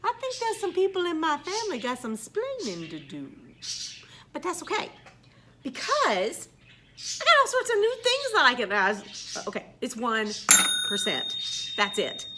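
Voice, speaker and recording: A middle-aged woman, a teacher, chatting casually into the camera and telling stories about her students with animated quoted voices. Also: high-pitched, measured pace, noisy background. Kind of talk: casual vlog monologue.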